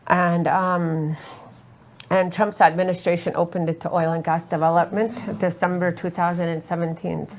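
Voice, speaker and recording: A woman from Alaska speaking earnestly on a festival panel, halting with many fillers and close to tears. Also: on the low side, flat delivery, a little mellow, slight background noise. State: emotional, near tears. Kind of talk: panel talk, personal testimony. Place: festival roundtable.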